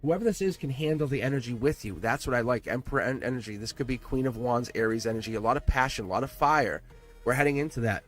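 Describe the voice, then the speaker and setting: A man at a medium pitch hosts a live tarot reading, talking to his viewers in a loose, chatty way. He laughs often and swings from bursts of excitement down to a low murmur. Faint music plays behind him. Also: fast talker. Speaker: tarot reader.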